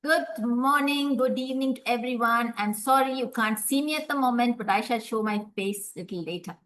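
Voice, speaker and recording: A woman from India, telling a folktale expressively with drawn-out words and dramatic pauses. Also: fairly high pitch, a bit bright, rough recording. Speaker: storyteller. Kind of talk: folktale storytelling.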